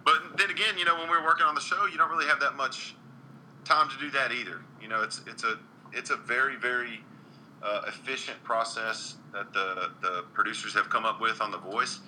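A man's voice: mid-range voice, a little fast, bright, forceful tone, a little hiss or hum, poor audio. A man, a country singer, chatting earnestly in an interview with frequent restarts and ums. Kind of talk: casual interview chat.

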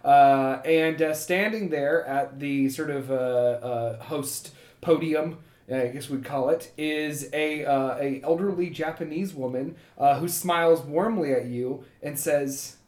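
A woman's voice: sits low, takes it slowly, darkish tone, roomy sound. A woman narrating a tabletop game as game master, hesitant and full of fillers.

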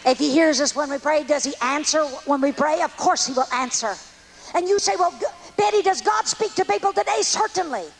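Very high-voiced woman preaching. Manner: earnest, pleading, folksy preaching. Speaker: evangelist. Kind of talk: testimony sermon.

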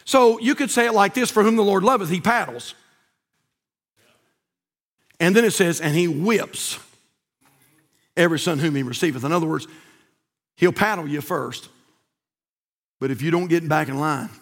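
Fervent high-voiced pastor. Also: male voice, moderate pace, pauses often, in a large hall. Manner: fervent preaching that swings from hushed to shouted. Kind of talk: sermon. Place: church sanctuary.

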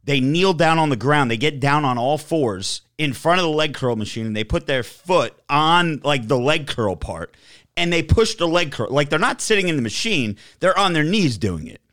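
A man's voice: fairly high pitch, expressive, moderate pace, a bit bright, no echo, clean studio sound. A man co-hosting a casual chat, brash and heavily profane, with crude joking rants. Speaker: podcast co-host.

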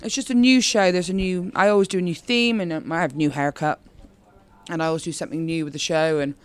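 A woman from Bristol with a Bristolian accent, chatting in an interview as a comedian guest in a rambling way full of quick asides. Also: fairly low pitch, steady tone, smooth. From Bristol, England. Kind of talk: casual interview chat.

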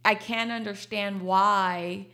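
A woman's voice: medium pitch, steady tone, takes it slowly, pushed and bright. A woman, a coffee shop owner talking casually in an interview, laughing often and slipping into Spanish. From Texas.

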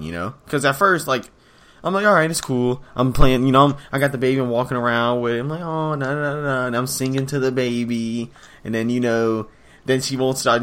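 A man's voice: mid-range voice, fairly bright tone. A young man co-hosting a podcast, telling a story in laid-back slangy casual chat and swearing freely. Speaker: podcast co-host.

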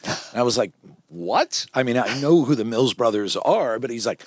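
A male film director talks through behind-the-scenes stories in an easy, animated way, slipping into quick impressions of the people he quotes. His voice sits at a middle pitch, and the recording is dry and close, with no room sound. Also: no room sound. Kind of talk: conversational anecdotes.

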